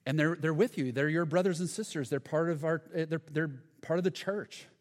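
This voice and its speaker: A man's voice: a little high, brisk. A man preaching a sermon as pastor, earnest and emphatic, sometimes stumbling over his words. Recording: long hall reverb.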